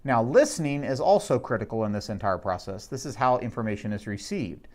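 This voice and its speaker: A man, an instructor, narrating a recorded lecture summary in a measured, explanatory way and slowing down to stress key words. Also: medium pitch, animated.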